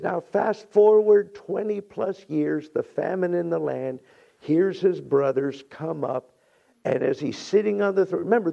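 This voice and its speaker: A middle-aged male pastor preaching with a rough, gravelly voice and a slow, deliberate delivery. He tells stories, acts out the voices in them, repeats phrases as he goes, and climbs toward shouting. The recording is dull and lo-fi. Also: high-pitched. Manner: many restarts and repeated phrases. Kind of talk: sermon.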